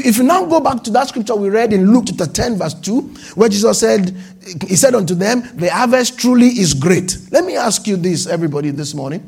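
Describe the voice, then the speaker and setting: A male pastor preaching in a high, gravelly voice with a husky edge. He speeds through asides, then slows right down to stress key phrases. He often repeats and restarts his words. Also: a little mellow. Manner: preaching with swings between fast asides and slow, drawn-out emphasis. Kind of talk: sermon.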